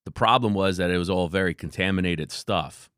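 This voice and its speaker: A man, a company founder, telling laid-back, animated stories as a podcast guest. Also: sits low, brisk, clean tone, no room sound, clean studio sound. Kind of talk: casual interview storytelling.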